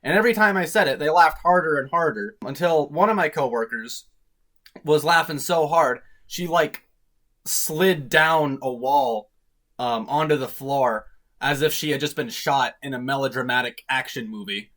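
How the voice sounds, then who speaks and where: A young man with a fairly high voice rambles through a comedic vlog. He laughs at himself and fills his talk with ums and likes. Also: moderate pace, a bit bright. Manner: self-deprecating, rambling with frequent fillers. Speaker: YouTube vlogger. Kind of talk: casual comedic monologue to camera.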